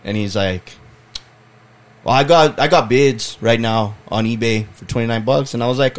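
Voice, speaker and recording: Animated man telling sales stories. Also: medium pitch, moderate pace. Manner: animated storyteller, acts out customers, swears freely. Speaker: podcast co-host, collectibles seller. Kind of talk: casual chat.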